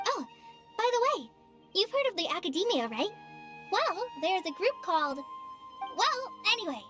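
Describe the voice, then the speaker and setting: A woman voicing a shy, gentle young forest ranger in a video game, soft-spoken and hesitant. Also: very high-pitched, full character voice. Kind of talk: video game cutscene voice acting. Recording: game audio with music underneath. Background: game background music.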